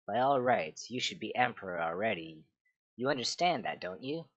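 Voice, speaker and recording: A man's voice: on the low side, big pitch swings, moderate pace, a bit bright, dry recording. A man voicing a proud, scheming queen mother who speaks in a haughty, cutting way, in a dull, dry recording. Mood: imperious.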